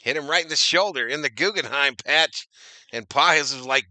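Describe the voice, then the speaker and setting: Excitable guy calling a ball game for his stream, super bright voice, dry sound. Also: fairly high pitch, moderate pace, dry recording. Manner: excitable, slangy, laughs often, reads chat comments aloud. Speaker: live-stream baseball commentator. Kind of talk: casual fan play-by-play commentary.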